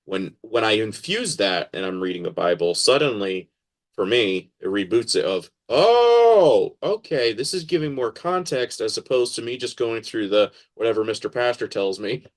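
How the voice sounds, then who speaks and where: A man with a fairly low voice, talking as a podcast guest in a loose, casual interview. He is animated and keeps slipping into quoted voices as he explains. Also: normal speed.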